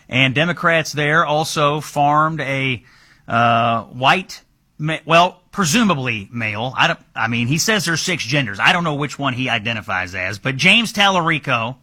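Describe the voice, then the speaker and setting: A man's voice: fairly high pitch, pushed and bright. A man hosting a political talk show, asking incredulous, mocking questions with emphasis. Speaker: host.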